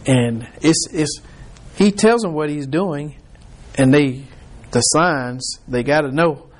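A man's voice: a little high, slow. Chatty man teaching a Bible study. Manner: conversational, restarts often, acts out reactions.

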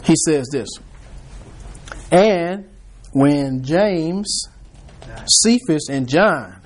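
A man's voice: a little high, animated, drawn-out words. Chatty man teaching a Bible study. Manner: conversational, restarts often, acts out reactions.

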